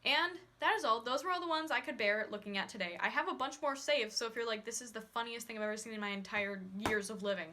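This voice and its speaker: A woman's voice: fairly high pitch, fast, hardly any pauses, sharp tone, slight background noise. A woman vlogger giving casual, sarcastic reaction commentary, with a lot of "like" in her speech. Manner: sarcastic, says "like" often. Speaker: horse-riding vlogger.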